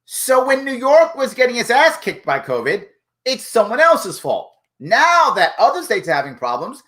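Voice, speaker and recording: A man's voice: very high-pitched, wildly swooping pitch, normal speed, a bit bright. A man hosting a live show, mocking a politician's clip with sarcastic running commentary. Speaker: show host.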